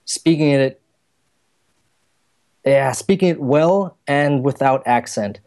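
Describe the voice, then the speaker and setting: A man from Germany co-hosting a podcast in casual chat, chatty and quick to laugh, sometimes putting on voices to make a point. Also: mid-range voice, darkish tone. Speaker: podcast co-host.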